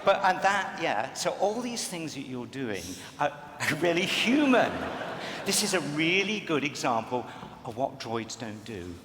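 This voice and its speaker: A man coaching volunteers on a convention stage, animated and encouraging, often breaking into laughter. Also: a little high, measured pace. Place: large convention hall stage. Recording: echoey hall with crowd noise.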